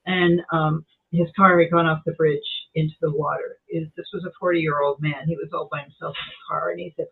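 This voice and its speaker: A woman on a video call telling her experience in a meditation group, animated and acting out the voices she heard. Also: low-pitched, breathy edge. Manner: animated storyteller, acts out quoted voices. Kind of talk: casual chat on Zoom. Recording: tinny phone-like call audio.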